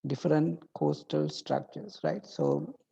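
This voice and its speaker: A university lecturer giving an online lecture, talking haltingly with many fillers and restarts and often checking in with "right?". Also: medium pitch, sing-song, gravelly, dark tone, husky. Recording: dull lo-fi online lecture audio.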